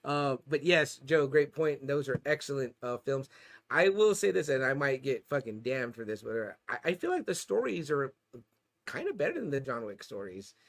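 A man co-hosting a podcast in casual chat, relaxed and laid-back, swearing now and then. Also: mid-range voice, normal speed. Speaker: podcast co-host.

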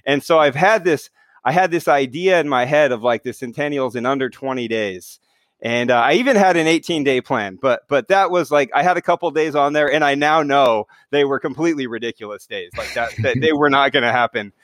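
A man's voice: medium pitch, fairly quick, a bit bright, no echo. A middle-aged man talking casually as an interview guest, hesitant, with many fillers and restarts. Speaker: guest, mountain speed record holder.

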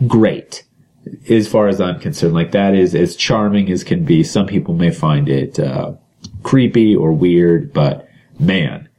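A man's voice: low voice, unhurried, mellow. A man co-hosting a podcast, chatting casually and wryly about a TV show, often laughing. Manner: wry, joking, laughs often. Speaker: podcast co-host. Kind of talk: casual chat recapping a TV show.

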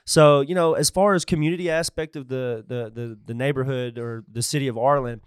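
A laid-back man, co-hosting a podcast and telling stories in loose, rambling talk. His voice is smooth and resonant, mid-pitched, recorded close and dry with no room sound. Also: steady tone, brisk, no echo. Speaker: podcast co-host. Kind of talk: casual chat.

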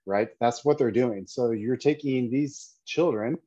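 A man's voice: medium pitch, a little slow, mellow, no room sound, highs cut off. A man giving an indignant, lecturing commentary full of rhetorical questions. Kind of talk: opinionated commentary video.

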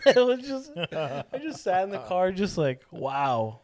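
A young man from Southern California, co-hosting a podcast and telling a story in a profane, animated way while quoting the people in it. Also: sits high, moderate pace, crowd noise. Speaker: podcast co-host. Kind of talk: casual storytelling chat.

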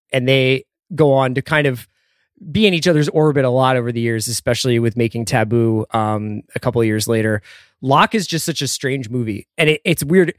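A man's voice: medium pitch, dry recording. Jokey man from Philadelphia, dry mic. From Philadelphia, USA. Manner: jokey, animated storytelling. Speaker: podcast guest. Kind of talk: casual film-review chat.

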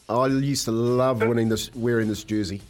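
A man's voice: medium pitch, steady tone, normal speed, a little mellow, soft background music. A man co-hosting breakfast radio, teasing callers and giving rambling clues. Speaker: radio co-host.

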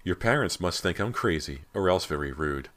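A man's voice: low voice, lively intonation, normal speed, fairly bright tone. A man voicing a friendly, slightly nervous teenage neighbor girl in an audiobook, with a light, gossipy manner.

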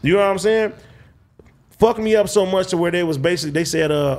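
A man's voice: high-pitched, fairly even intonation, quick pace. A man telling a long personal story in casual, slang-heavy, swearing chat.

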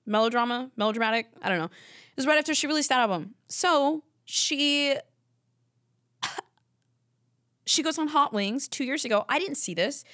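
A woman's voice: high voice, moderate pace, pauses often, no room sound. Chatty rambling woman podcast host, dry sound. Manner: rambling, animated storytelling with asides. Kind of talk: casual chat.

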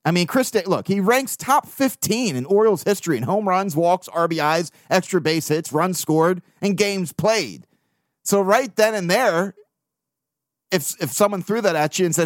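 Guy ranting about his team on a podcast, swears a lot, kinda high voice, dry close sound. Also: normal speed, no room sound. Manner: blunt, profane, venting, with mocking put-on quotes. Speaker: podcast host. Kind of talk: casual sports rant.

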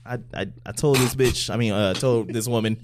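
A man's voice: mid-range voice, steady tone, fairly quick, noisy background. A man co-hosting a podcast who tells stories in casual banter and laughs often. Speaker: podcast co-host.

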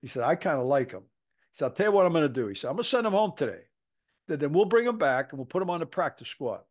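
A man's voice: on the high side, expressive, fast. A man in his seventies, a football coach, telling a story on a podcast, acting out the quoted voices with salty language. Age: 70s.

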